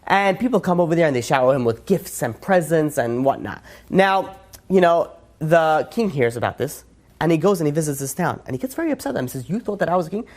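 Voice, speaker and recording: A man's voice: fairly high pitch, sing-song, a little fast, a little mellow. A man, a rabbi, teaching a religious class in an emphatic way with rhetorical questions and frequent restarts. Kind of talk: religious lecture.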